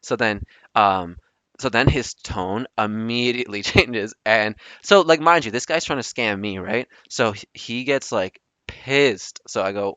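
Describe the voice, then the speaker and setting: A man's voice: on the low side, measured pace, fairly bright tone, no room sound. A young man hosting a casual storytelling podcast, rambling with lots of ums and restarts. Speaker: podcast host.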